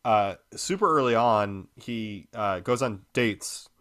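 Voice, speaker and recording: A man with a lowish voice and a fairly bright tone hosts a podcast, chatting casually. His speech is halting, packed with fillers and restarts.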